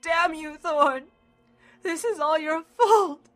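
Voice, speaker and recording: A woman's voice: mid-range voice, expressive, takes it slowly, husky, soft background music. A woman voicing a frightened, wounded male archivist who cries out and pleads melodramatically. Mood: panicked wailing.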